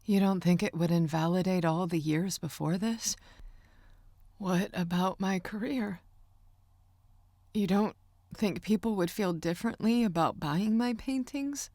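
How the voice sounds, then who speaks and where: Anxious young artist in an audiobook, a woman reading her, strained and halting, dry close sound. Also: on the low side, warm tone, dry recording. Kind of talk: audiobook character voice.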